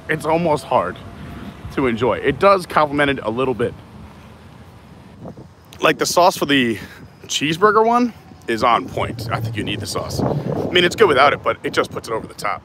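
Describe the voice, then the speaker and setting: A man's voice: mid-range voice, very animated, moderate pace, long pauses, fairly bright tone, a little hiss or hum, low-quality recording. A man hosting a live stream while walking outdoors, chatting casually, reading viewer comments and laughing often. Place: outdoors in a theme park, walking.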